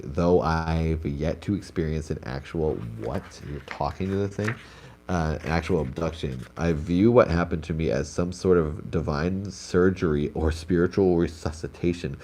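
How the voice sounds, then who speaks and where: Very deep-voiced man reading, congested. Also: normal speed, dark tone. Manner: reads stories aloud, breaks off with casual comments. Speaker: host reading viewer stories. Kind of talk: live stream reading aloud with asides.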